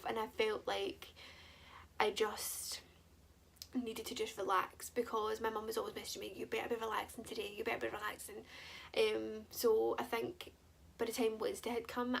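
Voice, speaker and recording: A woman's voice: on the high side, gravelly, fairly bright tone, slight background noise. A young woman, chatting candidly and rambling in a personal vlog. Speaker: vlogger.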